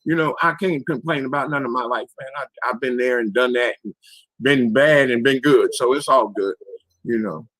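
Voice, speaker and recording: A man in his sixties with a raspy, hoarse voice calls in to a panel show and talks bluntly and with lots of swearing. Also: medium pitch, normal speed, a bit bright, no room sound. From Philadelphia area, US. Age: 60s. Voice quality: raspy, strained voice. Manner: blunt, profane, emphatic. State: hoarse after illness. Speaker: caller on a live panel show. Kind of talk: casual call-in talk.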